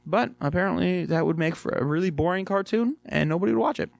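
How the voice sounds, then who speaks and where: A man's voice: high-pitched, quick pace, gravelly, no echo. A man casually reviewing a cartoon episode, rambling with lots of fillers.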